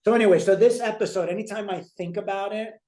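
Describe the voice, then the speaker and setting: A man's voice: sits high, fairly even intonation, fast talker, mellow. A man in his forties co-hosting a casual chat, rambling with many fillers as he retells scenes. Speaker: co-host. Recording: roomy echo.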